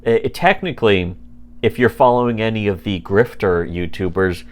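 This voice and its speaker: A man co-hosting a casual comedy podcast about webcomics, rambling with many fillers and briefly mimicking the characters he describes. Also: fairly low pitch. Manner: rambling, many fillers, acts out comic characters in quick put-on voices. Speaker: podcast co-host.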